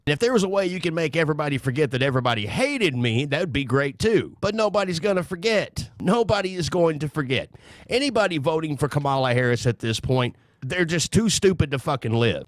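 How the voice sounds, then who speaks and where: A man's voice: fairly high pitch, lively intonation, normal speed, no room sound. A man hosting a political commentary show, talking bluntly and sarcastically, with plenty of swearing.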